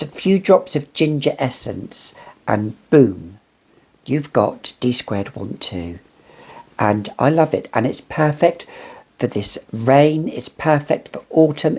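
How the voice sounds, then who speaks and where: A British woman talking casually and warmly about perfumes she loves, gushing and rambling with little restarts. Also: a bass voice, slightly rough. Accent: British English. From United Kingdom. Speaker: fragrance reviewer. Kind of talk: casual review vlog.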